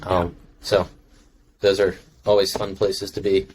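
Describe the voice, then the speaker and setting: Young adult male guest, very low monotone, laid-back musing chat, faint background noise. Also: unhurried, low-quality recording. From Maryland, United States. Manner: relaxed, reflective, many filler words. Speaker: podcast guest, filmmaker. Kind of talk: casual chat.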